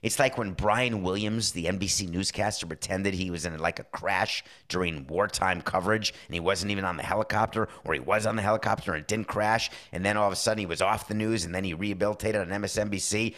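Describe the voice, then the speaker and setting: Male talk-show host, slightly low voice, wry and conversational, acts out quick dialogue. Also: a bit bright. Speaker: podcast host. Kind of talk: casual sports talk monologue.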